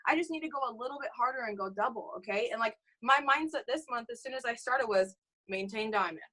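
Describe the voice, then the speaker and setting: A young woman giving an energetic motivational talk to her sales team, calling out "you guys" and "okay?" all the time. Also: a little high, fast, rough recording. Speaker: network marketing team leader.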